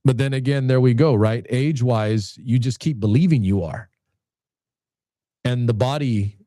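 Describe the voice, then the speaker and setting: A man's voice: medium pitch, mellow, no echo, clean studio sound. Rambling man in his fifties. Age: 50s. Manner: rambling, many restarts and repeated words. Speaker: channel host. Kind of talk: casual talk to camera.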